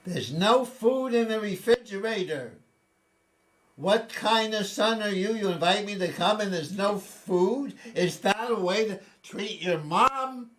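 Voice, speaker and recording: An older man voicing his angry mother, a harsh, accusing woman who scolds and shouts. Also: extremely high pitch, very animated, takes it slowly, few pauses, pitched above the performer's own voice, full character voice. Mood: indignant.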